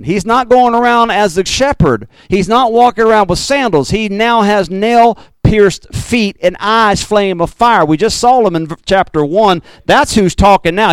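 Male pastor, fiery pulpit preaching, higher-pitched voice, dry close recording. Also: lively intonation, moderate pace, hardly any pauses, clear, resonant tone, no echo. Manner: fiery, swings from loud to low. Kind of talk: Pentecostal sermon.

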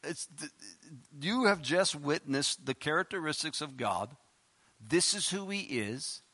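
A male preacher gives a sermon in a bright, forceful, fairly high voice, animated yet measured in pace. He reads scripture aloud with mounting emphasis, interjects rhetorical questions, and closes with a spoken prayer.

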